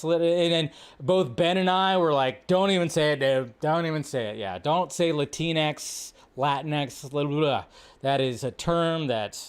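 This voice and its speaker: A young adult man hosting a casual live stream, rambling and animated, with frequent restarts. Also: a little high. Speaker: host.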